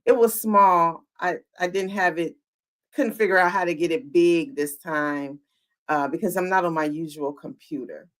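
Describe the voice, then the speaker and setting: A woman's voice: on the low side, normal speed. A woman hosting a live podcast, retelling a show's scenes with energy and asking her chat questions. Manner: animated, talks to the chat, acts out quotes. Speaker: podcast host. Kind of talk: live-streamed show recap chat.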